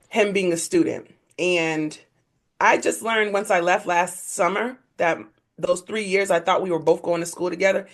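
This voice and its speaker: A young woman, a podcast guest, telling her story in candid conversation, voice leaping up when she acts out others. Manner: animated, leaps high in pitch when acting out others.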